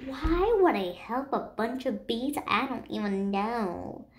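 A woman's voice: sits high, animated, moderate pace, a little mellow, a little hiss or hum. A woman reading aloud and voicing a scared male dog who whimpers nervously, from a children's picture book. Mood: grumbling.

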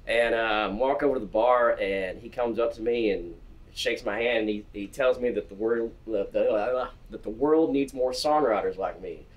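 A man, a songwriter guest, telling stories in an animated, rambling way in a casual interview. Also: fairly low pitch, normal speed. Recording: voice distant from the mic.

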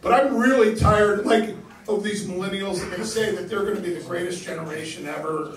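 A man's voice: high voice, brisk, crowd noise. An older man doing a crude, self-deprecating stand-up set on a comedy club stage. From New York. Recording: roomy live club sound from a distance. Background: laughing audience.

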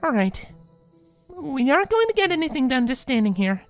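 A man's voice: very high-pitched, very animated, normal speed, no echo, faint music behind, voice pushed up, exaggerated voice. A man voicing an anxious, studious unicorn mare who leads the group, earnest and tense.

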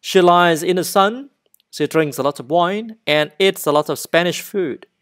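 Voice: mid-range voice, normal speed, a bit bright. A teacher whose first language is Vietnamese, speaking English with a Vietnamese accent. They read a textbook passage and then drill vocabulary, repeating each word and stressing its syllables. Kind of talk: slow vocabulary lesson with repetition drills.

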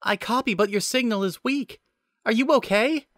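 A man voicing a worried female AI agent in a pitched-up falsetto-like voice, urgent and nervous. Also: moderate pace, a bit bright, no room sound, studio quality.

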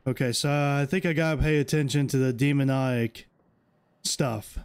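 A man's voice: mid-range voice, moderate pace, a little mellow, clean tone. A young man playing a horror game and commenting. He is jumpy, talks to himself and reads instructions aloud. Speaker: gamer. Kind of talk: let's play commentary.

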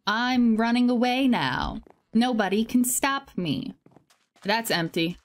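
A woman's voice: on the high side, animated, slow. A woman casually retelling a legend while playing a game, rambling and chatty with lots of filler words and sudden reactions to the game. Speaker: gaming video creator.

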